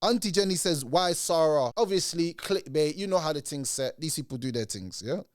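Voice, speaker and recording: A man ranting in reaction commentary, animated and mocking. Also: a little high, a little fast, no room sound, studio quality. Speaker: commentary channel host.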